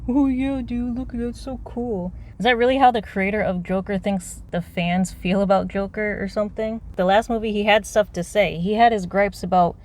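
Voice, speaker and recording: A woman's voice: mid-range voice, brisk, hardly any pauses, a little hiss or hum. A woman ranting about a movie from inside her car, exasperated and profane, rambling from point to point. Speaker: movie reviewer. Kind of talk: unscripted rant.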